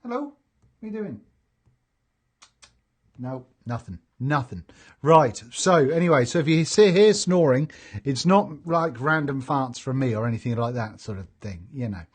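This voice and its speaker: A man's voice: medium pitch, lively intonation, moderate pace, a little mellow, breathy edge. A man hosting a casual live stream, chatting and reading out viewer comments, jokey and laughing easily. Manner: chatty and jokey, laughs often, many fillers. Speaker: host of a live vaping stream.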